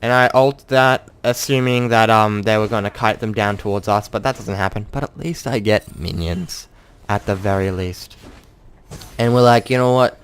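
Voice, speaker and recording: A young man commentates his own gameplay in a relaxed, chatty way, slipping into quick acted bits of his in-game calls. His voice sits a bit low. A faint noise runs under the home recording. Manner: chatty, self-mocking, acts out his own in-game quotes.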